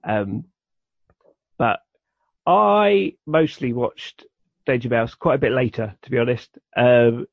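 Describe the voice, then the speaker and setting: A man's voice: medium pitch, slow, gravelly, pauses often, no echo. A man co-hosting a podcast, explaining a cartoon in a rambling, enthusiastic way. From United Kingdom. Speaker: podcast co-host. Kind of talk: casual chat. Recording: dull dry lo-fi recording.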